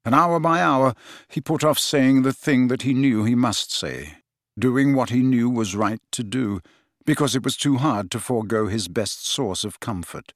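Steady male audiobook narrator. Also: medium pitch, no room sound, clean studio sound. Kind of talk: scripted narration.

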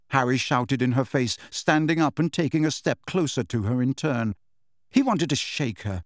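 A man's voice: medium pitch, moderate pace, no room sound, studio quality. A man reading a novel as an audiobook narrator, telling the story expressively. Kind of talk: scripted narration.

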